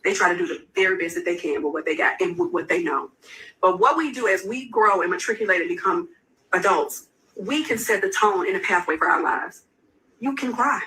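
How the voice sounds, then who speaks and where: A woman's voice: fairly low pitch, brisk, pushed and bright. A woman giving a friend impassioned, preachy advice in an emphatic way. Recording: distant mic with faint background noise.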